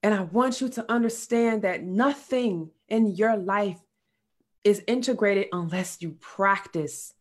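A woman who works as a sexual health coach appears as a podcast guest, speaking earnestly about faith and her personal work in a casual spiritual chat. Her voice is medium-pitched and a little slow, and she uses casual slang.

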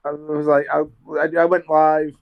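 A man's voice: fairly high pitch, monotone, normal speed, lo-fi sound, a crowd in the background. A young man chatting casually over a video call from his half-decorated bedroom, rambling with restarts about training as a radio presenter. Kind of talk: casual chat. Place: home bedroom being decorated.

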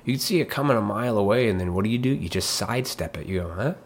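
A man's voice: lowish voice, animated, rapid-fire. A man ranting bluntly in a casual monologue, swearing freely and mocking others in put-on voices. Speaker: commentator.

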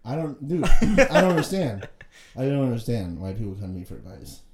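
A man's voice: medium pitch, expressive, fairly quick, a crowd in the background. A man co-hosting a podcast, telling a story in casual chat, laid-back and swearing freely. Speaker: podcast co-host. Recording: roomy echo.

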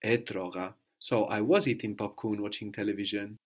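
A man's voice: on the low side, fairly even intonation, moderate pace. A man giving a patient one-to-one language lesson, prompting his student with questions and repeating the answers. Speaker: language teacher.

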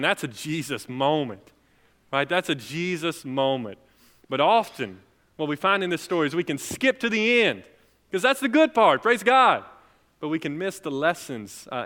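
A young adult man preaching a sermon as pastor, swinging between loud, emphatic lines and soft, quiet ones. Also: a little high. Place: church sanctuary. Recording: long reverb of a large hall.

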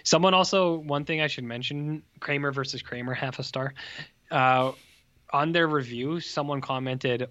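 A man's voice: medium pitch, normal speed, a bit bright, muffled recording. A man co-hosting a casual movie review podcast, joking and rambling with mock exclamations. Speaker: podcast co-host.

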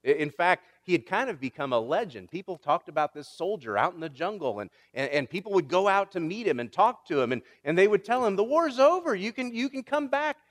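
A man's voice: on the high side, lively intonation, fairly quick, few pauses, long reverb tail. A male pastor preaching a sermon, driving his points home with repetition and rising emphasis.

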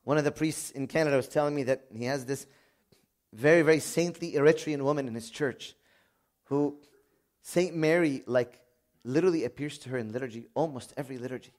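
A middle-aged male priest giving a sermon, telling personal stories earnestly, dropping to a quiet confessional tone and then rising to loud emphasis. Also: medium pitch, brisk.

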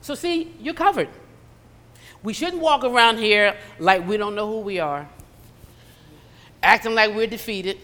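A woman's voice: mid-range voice, lively intonation, measured pace, long pauses, a bit bright. A woman preaching a conversational sermon in a church, slipping into acted asides. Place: church sanctuary. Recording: long hall reverb.

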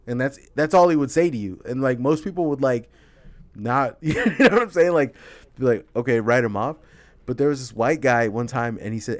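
A man's voice: mid-range voice, brisk, dry recording. A young man hosts a podcast and tells loose, rambling stories in casual chat. He laughs often and swears freely. His voice is dry and close, with no room sound. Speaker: podcast host.

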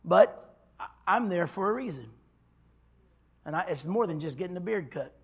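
A man preaching a sermon as pastor, telling a story and swinging from loud declarations to hushed tones. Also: sits high, lively intonation, normal speed, slightly rough.

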